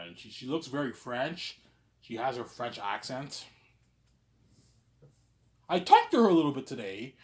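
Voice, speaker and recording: A man in his thirties rambling through a personal monologue, stammering and repeating himself, dropping to a mutter and then rising to loud outbursts. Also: sing-song, normal speed, pauses often. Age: 30s. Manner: repetitive, stammering restarts, frequent "obviously"; swings between low muttering and loud outbursts. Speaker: vlogger.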